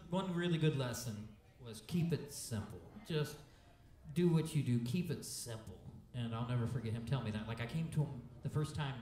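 Between songs at a live music venue, a rock frontman from Central Illinois banters loosely and swears casually in a mid-range voice. The distant mic picks him up on a roomy stage amid loud music.

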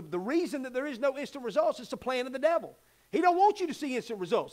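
High-voiced preacher man with drawl. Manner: folksy, animated, acts out little scenes. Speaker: pastor. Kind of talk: sermon.

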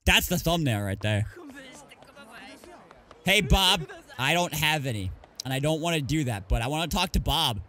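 A man's voice: fairly high pitch, animated, normal speed, long pauses, pushed and bright, faint music behind. A man streamer chatting casually over gameplay, reading item names aloud and joking about the game.

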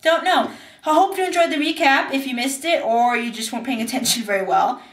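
Young woman, casual TV recap vlog, high bright voice, bubbly, echoey bathroom sound. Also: brisk, distant mic. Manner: bubbly, acts out scenes in silly voices. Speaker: TV recap vlogger. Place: bathtub.

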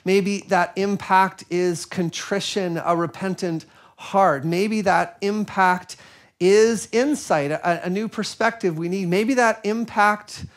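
Man, high voice, unhurried, earnest reflective sermon, gentle pauses. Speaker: preacher.

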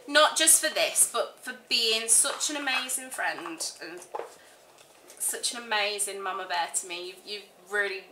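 Woman, casual vlogger, gushing and chatty with lots of fillers, bright voice, echoey room. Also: mid-range voice, slight background noise. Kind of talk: casual chat to camera.

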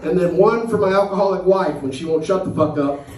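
Crude high-voiced stand-up comic man. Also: a little fast, roomy sound, distant mic, crowd noise, poor audio. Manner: crude, acts out voices of his dog and friends. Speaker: stand-up comedian. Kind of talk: stand-up set. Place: comedy club stage. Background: audience laughing.

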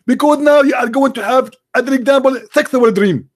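A man's voice: extremely high pitch, fairly quick, voice pushed up. A man putting on the voice of a pompous, overconfident preacher who declares every answer certain. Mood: declaiming.

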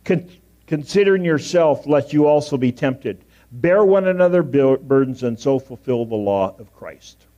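Middle-aged male pastor preaching in church, anecdotal, shifts from loud to near-whisper. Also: mid-range voice, lively intonation, moderate pace, lo-fi sound. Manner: storytelling, swings from loud emphasis to hushed asides. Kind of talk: sermon. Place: church sanctuary.

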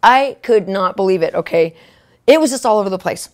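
A woman minister telling a testimony in a sermon, excitable, often laughing and asking "right?" and "okay?". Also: medium pitch, brisk. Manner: laughs often mid-sentence.

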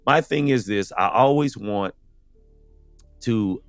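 A man's voice: fairly low pitch, slow pace, dry recording, studio quality, soft background music. A man from the United States, a podcast guest, speaking in a casual, earnest conversational way and often saying "you know".

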